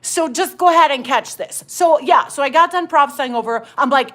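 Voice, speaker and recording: A middle-aged woman minister telling a lively faith testimony and prophesying over listeners, calling them honey. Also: high-pitched, brisk. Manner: animated storytelling, exclamatory, addresses listeners as honey.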